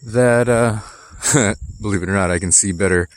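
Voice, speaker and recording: Low-voiced man rambling on a walk. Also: moderate pace, dry recording. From Texas. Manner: rambling, nostalgic and chatty with many fillers. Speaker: vlogger. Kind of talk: casual walking vlog. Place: outdoors walking through a neighborhood. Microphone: phone camera held while walking.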